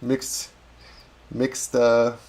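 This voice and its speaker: A man's voice: medium pitch, completely flat delivery, drawn-out words, a little mellow. A man chatting casually on a hobby livestream while painting miniatures, reading out chat and joking at his own expense. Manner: chatty, self-deprecating, reads chat aloud.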